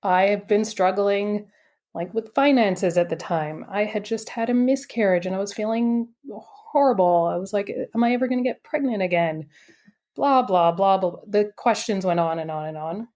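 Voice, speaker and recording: Chatty animated woman guest. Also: medium pitch, normal speed. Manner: animated, chatty, full of "like" and "you know". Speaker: podcast guest, intuitive coach. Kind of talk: personal storytelling in a podcast interview.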